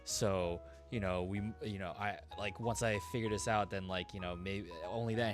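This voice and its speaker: A man streaming while drawing, chatting in a rambling, excitable way. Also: on the low side, moderate pace, hardly any pauses. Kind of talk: casual chat while drawing. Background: music.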